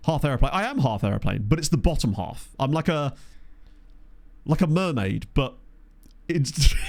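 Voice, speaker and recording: A man with a soft Essex accent chats loosely with his live-stream viewers, wandering off on jokey tangents. His pitch rises and falls in a lively way. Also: unhurried, vocal fry, pauses often. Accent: soft Essex home counties English. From Essex, England. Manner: rambling, jokey, chatting with viewers. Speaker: streamer playing a management game. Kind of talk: casual live-stream chat.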